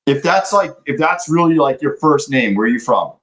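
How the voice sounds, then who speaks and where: A man's voice: fairly high pitch, lively intonation, moderate pace, a bit bright, rough recording. A young man day trading live, chatting loosely with his stream viewers and swearing now and then. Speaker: livestream day trader. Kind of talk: casual live-stream chat.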